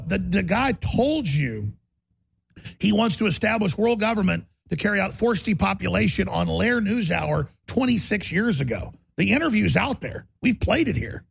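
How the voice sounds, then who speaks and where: A man's voice: sits high, very animated, moderate pace, creaky, breathy edge. A man hosting a talk radio show, delivering an emphatic, bellowing rant. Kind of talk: ranting talk radio monologue.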